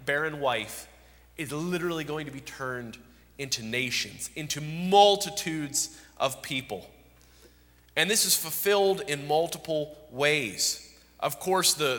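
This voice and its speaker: Bright-voiced male preacher in a reverberant hall. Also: a little high. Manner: emphatic, repeating key words for stress. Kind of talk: expository sermon.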